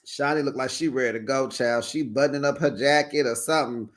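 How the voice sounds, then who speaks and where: A man hosting a casual recap show, sassy and animated, often laughing and acting out what people said. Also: medium pitch, a little fast.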